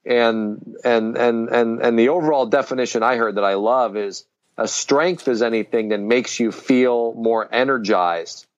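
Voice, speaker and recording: A man's voice: mid-range voice, a little slow, highs cut off. A man co-hosting a casual business chat, rambling with lots of fillers and restarts. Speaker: podcast co-host.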